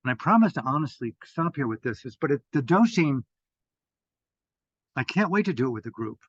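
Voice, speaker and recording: An older man giving an impassioned talk as a meditation teacher, swearing freely and swinging between loud bursts and hushed asides. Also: mid-range voice, very animated, brisk, slightly rough. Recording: dull, dry lo-fi audio.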